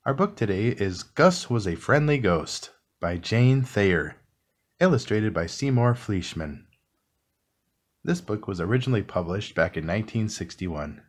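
A man reading a classic children's book aloud in a calm, soothing bedtime style. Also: fairly low pitch. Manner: slow, soothing, expressive reading. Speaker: storybook reader.

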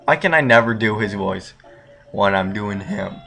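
A man's voice: fairly low pitch, lively intonation, normal speed, creaky, a bit bright. A young man casually commenting on a video game he is playing, goofy and jokey, talking back to the characters. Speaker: let's play gamer. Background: game music.

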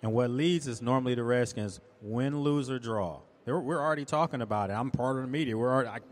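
A man's voice: medium pitch, fast. Talkative man hosting a mall event. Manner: loose and talkative, many restarts. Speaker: sports analyst and host. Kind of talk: live event chat and prize drawing. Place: shopping mall event stage.

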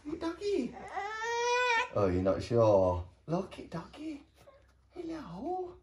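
A woman talking to her baby in a high, giggly, coaxing sing-song. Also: wildly swooping pitch, takes it slowly, noisy background. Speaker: parent filming her baby.

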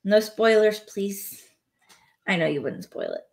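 Woman streaming from home, casual chatty vibe, jokes around and laughs a lot, middle pitch. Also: very animated, measured pace, gravelly. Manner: chatty and playful, laughs between remarks. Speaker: live streamer. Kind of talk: casual live-stream chat while building a toy set. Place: home, indoors.

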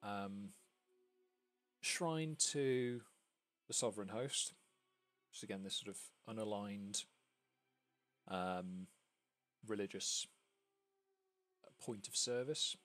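A man's voice: on the low side, slow, pauses often, fairly bright tone. A man narrating a tabletop game as game master, describing scenes with many fillers.

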